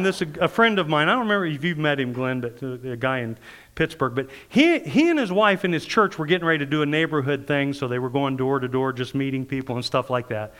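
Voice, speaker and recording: A man preaching a sermon, telling stories and acting out the people in them, often laughing as he talks. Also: on the high side. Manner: animated, acts out quoted people, laughs while preaching. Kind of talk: sermon storytelling.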